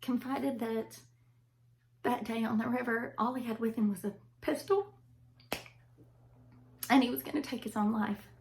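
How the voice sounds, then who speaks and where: A woman's voice: a little high, vocal fry, darkish tone, a little hiss or hum. A woman telling a personal family story to her viewers, heartfelt and emotional, with a loose, rambling delivery full of fillers.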